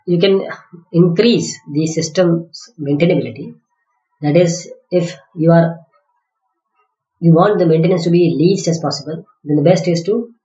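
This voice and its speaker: A man lecturing from slides, halting often with fillers and restarts as he explains each point. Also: on the high side, dark tone. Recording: dull, echoey classroom recording.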